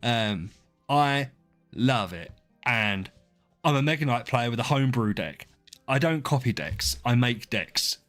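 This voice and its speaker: A man in his thirties hosts a live stream, and his middle-pitched voice wanders loosely from one thought to the next. He greets chatters by name and pokes fun at himself. Faint music plays under his talk. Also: lively intonation, unhurried, a bit bright. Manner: rambling, self-deprecating, talks to chat by name. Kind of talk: casual live-stream chat.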